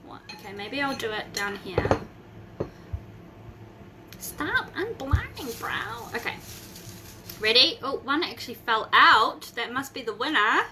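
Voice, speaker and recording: A young woman, hosting a casual live video from home, rambling and bursting into excited squeals. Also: a little high, normal speed, background noise. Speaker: host of a Facebook group live video.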